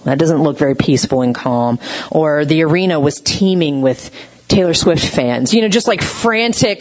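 A woman giving a casual teaching talk on gentle communication, chatty and full of fillers, who tells stories with animation. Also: sits low, lively intonation, normal speed, low-quality recording.

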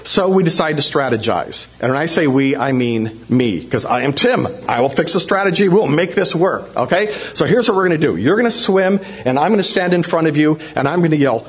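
A man with a fairly high voice tells a personal story to a congregation. He is animated and acts out shouts in a raised voice. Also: brisk, few pauses. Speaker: church speaker telling a testimony.

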